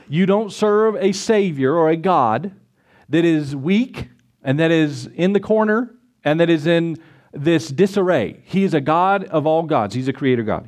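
Emphatic preacher man, fairly high voice. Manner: emphatic, swings between loud exclamations and low asides; conversational with scripture quotes and rhetorical questions. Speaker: pastor. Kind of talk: sermon.

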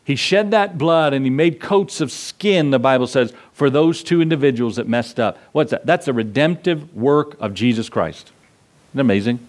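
A man's voice: medium pitch, moderate pace. A man preaching a sermon as pastor, asking the congregation questions and acting out little asides.

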